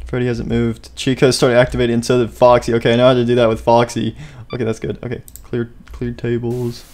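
A man's voice: mid-range voice, completely flat delivery, fairly quick, darkish tone. A young man casually commenting on his own gameplay, chatty, talking to himself and startled easily. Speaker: gaming YouTuber. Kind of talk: casual let's-play commentary.

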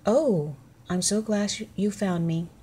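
A woman voicing a gentle, friendly male gorilla in a storybook, in a mild and polite voice at an unhurried pace. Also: medium pitch, slight background noise, pitched above the performer's own voice, natural voice.

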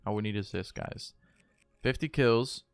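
A fairly low-pitched man speaks a little slowly against slight background noise. As a gaming livestreamer, he rambles casually to his viewers mid-play and swears often.

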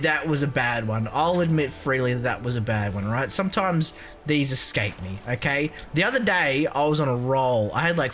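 A man's voice: mid-range voice, a bit bright. A man giving casual, rambling let's-play commentary, swearing freely and joking as he goes. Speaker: gaming channel host.

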